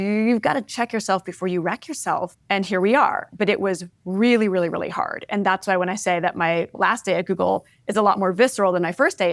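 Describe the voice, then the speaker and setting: A woman in her forties, an interview guest, telling candid personal stories in an expressive, reflective way, often adding "like" and "right?". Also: medium pitch, vocal fry, dry recording, clean studio sound. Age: 40s. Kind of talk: candid conversational storytelling.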